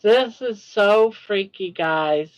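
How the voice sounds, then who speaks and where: A woman's voice: mid-range voice, animated, slow, low-quality recording. An older woman hosting a casual livestream, talking in an awed, emotional way and repeating herself. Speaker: livestream host.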